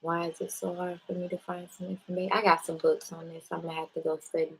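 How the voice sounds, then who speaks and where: A woman's voice: on the low side, level tone, fast talker, gravelly, breathy edge, rough recording. A woman hosting a casual spiritual talk, speaking bluntly and with profanity straight to her viewers. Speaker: spiritual live-stream host.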